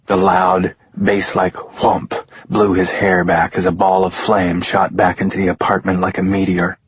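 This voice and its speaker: Brief: deep, husky male audiobook reader, measured and dramatic, dry lo-fi sound. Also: no echo. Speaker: audiobook narrator. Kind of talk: scripted audiobook narration.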